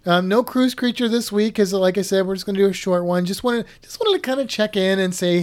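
A man's voice: sits high, brisk, few pauses. A man co-hosting a podcast in casual, rambling chat, often restarting his sentences. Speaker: podcast co-host.

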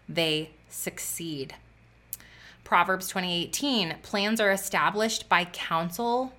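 A woman's voice: lowish voice, pushed and bright. A woman in her thirties giving a fervent, preachy motivational talk on faith and business, with a lot of repetition and "like".

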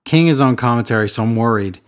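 A man's voice: medium pitch, fast talker. A man co-hosting a wrestling podcast, talking in a sarcastic, ranting way and mimicking the people he describes. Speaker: podcast co-host. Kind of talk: casual podcast chat.

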